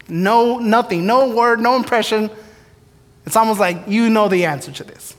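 Speaking at a moderate pace in a high-pitched, slightly bright voice, a man preaches his testimony from a church sanctuary. The big hall gives a long echo. He tells his story candidly, poking fun at himself and performing both his prayers and the conversations.

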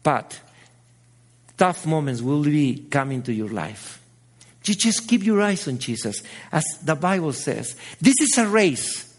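A man's voice: on the high side, sing-song, a little slow. A middle-aged man whose first language is Spanish, preaching a sermon with passion and repeating his phrases as he builds to exhortation. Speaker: pastor.

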